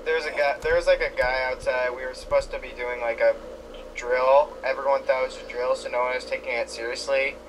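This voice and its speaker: A man's voice: mid-range voice, fairly even intonation, brisk, background noise. A man playing along in a gaming session, teasing his friends and telling rambling stories full of fillers. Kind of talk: casual let's-play chat.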